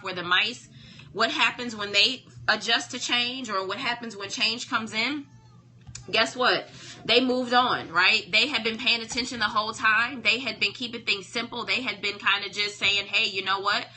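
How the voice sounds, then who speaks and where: A woman hosts a live-stream book discussion. She talks in a conversational, preacherly way and keeps checking in with her listeners. Her voice sits fairly high, with a very bright, sharp tone. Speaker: live-stream host reading a self-help book.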